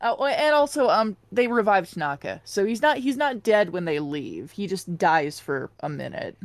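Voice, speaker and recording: A woman's voice: mid-range voice, animated, normal speed, dry recording. A woman co-hosting a podcast in casual chat, laid-back, with short agreements and dry humor. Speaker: podcast co-host.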